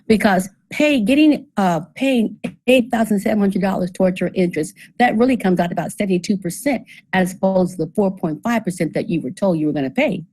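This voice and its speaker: A woman's voice: mid-range voice, fairly quick, darkish tone, husky, poor audio. A woman giving a seminar presentation on debt, working through figures step by step, asking the audience questions and putting a dry sarcastic edge on some of her points. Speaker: financial presenter.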